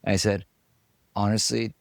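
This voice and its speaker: A man being interviewed, telling stories from his life in a casual, animated way, acting out what people said and swearing now and then. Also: on the low side, unhurried, no room sound, studio quality. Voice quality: gravelly. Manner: animated storyteller, acts out quotes, swears. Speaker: interview guest. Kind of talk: casual storytelling.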